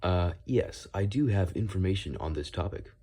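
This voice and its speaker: A man's voice: deep voice, animated, normal speed, dark tone, slightly rough, full character voice. A man doing a polite AI assistant voice. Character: polite male AI virtual assistant.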